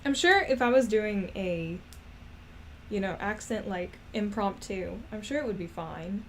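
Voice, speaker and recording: This animation creator talks slowly in a medium-pitched voice, with a bit of background noise behind her. She chats casually while planning a character, rambling, filler-heavy and laughing at her own expense.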